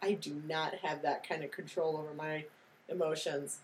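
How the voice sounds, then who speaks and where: A woman's voice: sits low, fairly even intonation, moderate pace. A young woman co-hosting a podcast, chatting casually while they watch a movie, laughing often and acting out lines as she quotes them. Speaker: podcast co-host.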